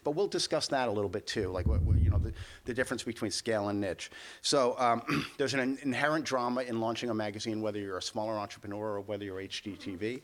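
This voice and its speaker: A man's voice: fairly low pitch, fast talker, slight background noise. A man with a New York accent moderating a conference panel, chatty and repeating himself as he talks. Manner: chatty, repeats words often.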